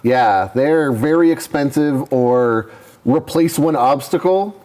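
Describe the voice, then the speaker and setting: A man co-hosting a live board game stream, thinking aloud and announcing each move deliberately. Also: mid-range voice, lively intonation, a little mellow. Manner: deliberate, thinks aloud over his moves. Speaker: co-host. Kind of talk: casual chat while playing a board game.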